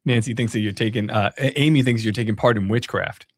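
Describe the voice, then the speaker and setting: A man's voice: on the low side, fairly even intonation, fast, dry recording. Teasing podcast co-host man, dry sound. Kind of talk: casual chat.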